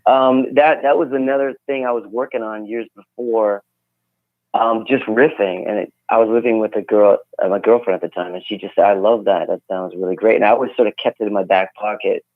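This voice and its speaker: A man calling in as a guest musician, telling rambling, relaxed stories about his songs over the phone. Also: on the low side, a little fast, no echo. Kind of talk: casual phone interview. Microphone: phone call. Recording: tinny phone line.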